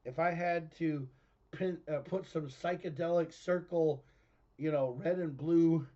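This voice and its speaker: A man hosting his own online show, talking in an excitable, animated rant and often breaking into laughs. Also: a little high, measured pace, dull audio. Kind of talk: excitable ranting monologue.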